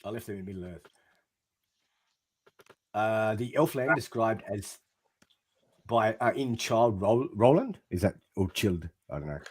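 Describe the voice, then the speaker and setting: A man co-hosting a podcast, reading a text aloud haltingly in casual chat. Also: fairly low pitch, lively intonation, noisy background. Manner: reads text aloud haltingly, stumbling over words. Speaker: podcast co-host.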